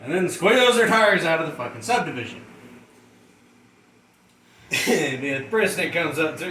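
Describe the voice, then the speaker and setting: A man rants through a comic story, swearing freely and laughing as he goes. His voice is high, bright and very lively in pitch. He sounds roomy and a little distant from the mic, with a faint hiss behind him. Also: a little slow, pauses often. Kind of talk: profane comedic rant.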